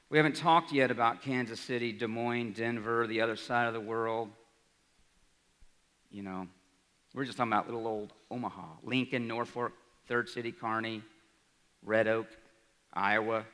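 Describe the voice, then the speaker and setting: A man in his forties giving an energetic speech to an audience, often asking "right?". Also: mid-range voice. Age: 40s. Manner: energetic, rhetorical, asks the crowd "right?". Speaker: college president. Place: large hall. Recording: reverberant hall, live speech.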